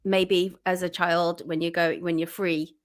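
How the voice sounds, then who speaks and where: A woman's voice: on the low side, flat delivery, measured pace. A woman guest on an interview show, giving earnest, encouraging tips as a spiritual coach. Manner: earnest, encouraging advice-giver. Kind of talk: casual interview chat.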